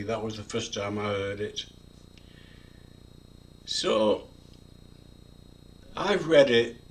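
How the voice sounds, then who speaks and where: A man's voice: mid-range voice, fairly bright tone, distant mic. A man in his seventies, a preacher giving a devotional talk, who repeats single words and leans hard on each one. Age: 70s. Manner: emphatic, repeats single words with heavy stress. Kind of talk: devotional video talk on a psalm.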